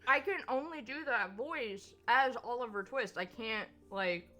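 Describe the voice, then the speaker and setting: A woman's voice: on the high side, a little slow, pushed and bright. A woman streaming a visual novel, chatting casually with hesitant fillers and restarts. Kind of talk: casual gaming chat. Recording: faint background music.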